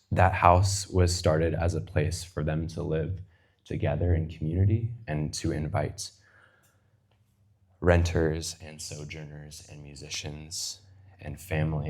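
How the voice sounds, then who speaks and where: A man in his twenties giving an unhurried, poetic reflection, lingering over long lists and sometimes dropping to a near-whisper. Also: very deep voice, vocal fry, darkish tone. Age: 20s. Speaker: guest speaker. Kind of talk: reflective personal reading.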